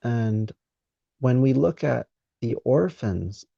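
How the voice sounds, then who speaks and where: A man hosting a podcast interview, talking in a measured, deliberate way with pauses mid-sentence. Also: mid-range voice, expressive, vocal fry, warm tone, slightly rough, dry recording. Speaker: podcast host. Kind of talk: conversational interview. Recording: dry, dull lo-fi sound.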